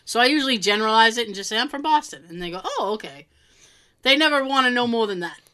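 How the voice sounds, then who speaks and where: Woman from massachusetts chatting on a podcast, bright crisp voice, kinda high, acts out everyone in her stories. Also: racing. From Massachusetts, USA. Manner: animated storytelling, acts out quoted people. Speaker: podcast co-host. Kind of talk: casual chat.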